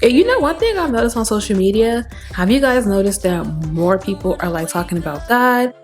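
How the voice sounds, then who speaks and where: A young woman vlogging at home while she does her makeup, chatty and animated, her voice a little raspy and tired. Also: a little high, fairly quick, faint music behind. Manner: chatty and animated, with bursts of faith talk. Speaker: beauty vlogger. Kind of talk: casual chat while doing makeup. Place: home, new apartment.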